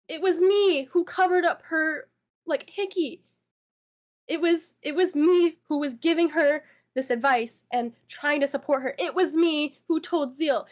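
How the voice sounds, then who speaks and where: A young woman giving an emotional interview as a witness, tearful and upset, stumbling and repeating words as she apologizes. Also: extremely high pitch.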